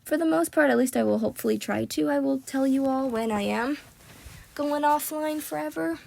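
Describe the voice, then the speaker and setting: A young woman vlogging in a casual, rambling way, often repeating herself and filling pauses. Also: high-pitched, vocal fry, darkish tone. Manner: rambling, filler-heavy, repeats "as I said". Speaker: YouTuber. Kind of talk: casual vlog talk.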